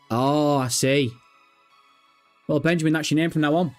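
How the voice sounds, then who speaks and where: A man hosts a gaming livestream in loose, sweary banter with his chat. His voice sits a touch high and he jokes and mocks as he goes. Faint music plays underneath. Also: moderate pace. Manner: sweary, jokey, animated and mocking. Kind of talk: casual livestream chat reading viewer comments.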